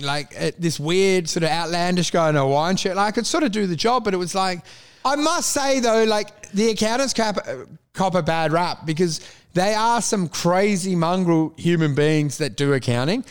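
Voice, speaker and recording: Smooth-voiced man telling stories. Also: sits high, animated, moderate pace. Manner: rambling storyteller, swearing, laughing. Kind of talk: casual banter.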